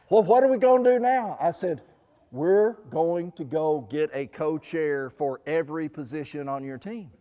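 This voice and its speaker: A man presenting a stewardship seminar, telling anecdotes and acting out the people in them. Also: on the high side. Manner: lively storyteller acting out quoted people. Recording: long hall reverb.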